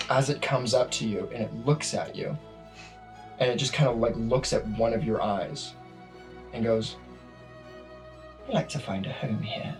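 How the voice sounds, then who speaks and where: A man narrating a tabletop game as game master, slow and relaxed with frequent fillers. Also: medium pitch, low-quality recording.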